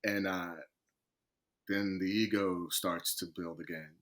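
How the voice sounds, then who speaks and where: Footballer guy chatting on a podcast, bright tense tone, lively storytelling. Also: deep voice, takes it slowly. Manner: lively storyteller, acts out quoted conversations. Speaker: guest, professional footballer.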